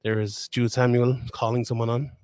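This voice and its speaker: At a fight weigh-in, a young Irish man with a Limerick accent runs a casual live stream on his phone camera, rambling, chatting and often laughing. His medium-pitched voice is level and a little mellow, with a moderate pace and no echo.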